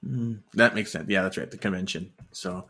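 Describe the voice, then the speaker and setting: Bright-voiced man recapping a book. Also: low-pitched, moderate pace, slightly rough. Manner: animated retelling, acts out characters' lines with laughs. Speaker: podcast co-host. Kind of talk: casual book-recap chat.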